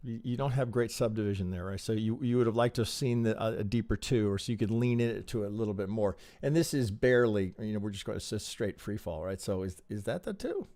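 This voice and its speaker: A man reviewing trading charts on a live stream, talking in an animated, rhetorical way with frequent restarts and tag questions. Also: fairly low pitch, fast, hardly any pauses.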